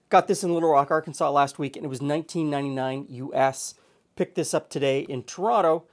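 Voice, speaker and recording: A man hosting a cooking show, explaining a blind tasting in a relaxed, plain-spoken way from his studio. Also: fairly high pitch. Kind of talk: casual tasting chat. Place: home studio kitchen.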